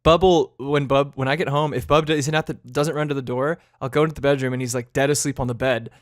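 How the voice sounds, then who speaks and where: A man's voice: medium pitch, fairly even intonation, fast talker, no room sound, studio quality. A young man co-hosting a podcast in casual chat, laid-back and agreeable, swearing casually. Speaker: podcast co-host.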